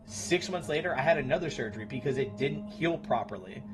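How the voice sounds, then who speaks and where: A man's voice: medium pitch, animated, fairly quick. A man in his thirties chatting casually with his stream viewers in a blunt, profane way. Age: 30s. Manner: blunt, profane, talks to chat. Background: music.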